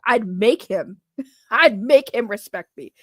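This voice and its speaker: A woman hosting a casual reaction video, animated, laughing often and swearing freely. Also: a little high, takes it slowly, dry recording, studio quality.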